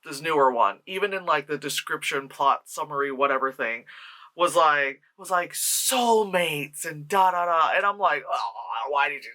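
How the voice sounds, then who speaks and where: Casual vlog reviewer with a bright, sharp voice who rambles and swears. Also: medium pitch, moderate pace. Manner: rambling, profane, sarcastic, laughs often. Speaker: movie reviewer.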